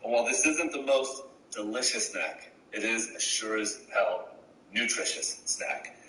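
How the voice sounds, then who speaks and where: A man voicing a boastful muscleman who eats raw organs, in a very deep, bragging deadpan. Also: unhurried, slight background noise. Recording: echoey room, from far off.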